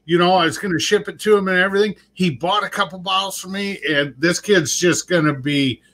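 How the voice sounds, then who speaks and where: Man, show host, bright sharp voice, eager, casual chat. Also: high voice, brisk. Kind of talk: casual live-stream interview.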